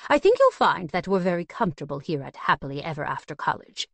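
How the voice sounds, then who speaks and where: A woman's voice: on the low side, wildly swooping pitch, fast talker, creaky, fairly bright tone, no echo, exaggerated voice. A woman voicing a stuffy, posh male butler who speaks in a formal, refined way. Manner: formal, clipped and proper.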